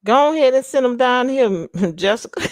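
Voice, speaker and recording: A woman's voice: fairly high pitch, expressive, normal speed, no echo. A woman hosting a casual live chat with viewers, playful and teasing, drawing out lists of food. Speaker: livestream host.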